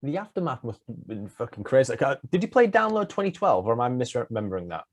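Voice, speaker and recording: Podcast host guy, bouncy expressive pitch, casual sweary chat. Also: quick pace. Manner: chatty, sweary interjections. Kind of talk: casual interview.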